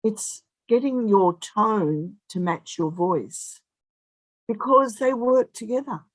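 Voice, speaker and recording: A woman in her seventies giving an animated, emphatic motivational speech, with big swings in loudness and long pauses. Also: mid-range voice, no echo, low-quality recording. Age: 70s. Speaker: guest speaker.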